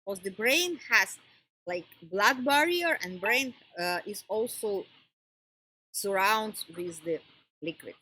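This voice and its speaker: A woman giving an informal wellness lesson in non-native English phrasing, often pausing to search for words. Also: mid-range voice, animated, pushed and bright, slightly rough, no echo, poor audio. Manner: halting, pauses to search for words. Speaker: wellness teacher. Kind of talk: informal teaching talk.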